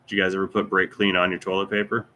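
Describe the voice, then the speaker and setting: Rambling joking Floridian guy, bright voice. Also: deep voice, level tone, rapid-fire. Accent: Floridian Southern. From American South. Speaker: mechanic and channel host. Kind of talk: casual livestream Q&A chat.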